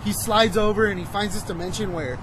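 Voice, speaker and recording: A man's voice: sits high, brisk. A man in his twenties co-hosting a podcast, casually recommending a show in a rambling, profane way, full of "you know" fillers. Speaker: podcast co-host. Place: outdoors near traffic. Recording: wind noise and clipping outdoors.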